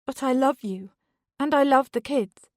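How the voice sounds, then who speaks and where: Woman doing a desperate mother, pleading, higher and louder, dry sound. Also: normal speed, no echo, close to an everyday voice. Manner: pleading, emotional, raised voice. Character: anxious desperate mother pleading with her husband.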